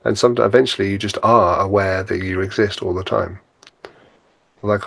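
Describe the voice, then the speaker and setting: A man's voice: on the low side, steady tone, normal speed, gravelly, a bit bright, no echo. A man guesting on a podcast as a spiritual teacher, talking casually and reflectively, laughing often and acting out his own inner thoughts.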